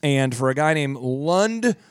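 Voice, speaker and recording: A male podcast host telling a story with energy and humor, slipping in quick voices along the way. His voice sits a little high, and the sound is close and dry. He speaks in a casual, chatty way. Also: clear, resonant tone, no echo. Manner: animated, jokey, does voices. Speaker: podcast host, business coach.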